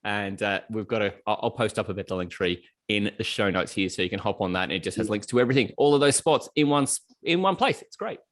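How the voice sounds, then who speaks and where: A man's voice: lowish voice, fast, few pauses. An Australian man hosting a podcast, chatting casually through the show intro and sometimes correcting himself. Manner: chatty, rambling, self-correcting. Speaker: podcast host.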